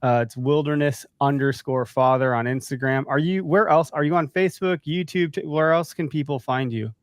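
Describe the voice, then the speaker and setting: A man hosting a podcast in casual chat, animated and acting out the voices of people he quotes. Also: on the high side, moderate pace, dry recording, studio quality. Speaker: podcast host.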